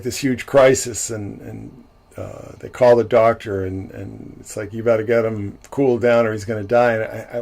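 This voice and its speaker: A man's voice: mid-range voice, vocal fry, a little mellow. Rambling man recapping a film. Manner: rambling, many restarts, frequent chuckles. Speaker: livestream host. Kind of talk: casual film commentary. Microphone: livestream mic.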